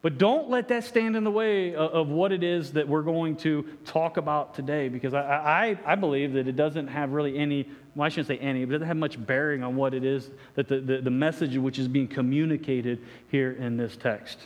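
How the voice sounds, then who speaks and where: Preacher guy, high voice, lots of stammery restarts, big echoey church hall. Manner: halting, many restarts, acts out voices. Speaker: pastor. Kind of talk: sermon.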